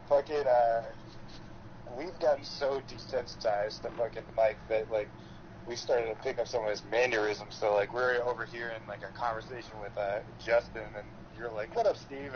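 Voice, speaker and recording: A man's voice: medium pitch, lo-fi sound, noisy background. Profane, teasing man on a podcast. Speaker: podcast co-host. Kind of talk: casual chat.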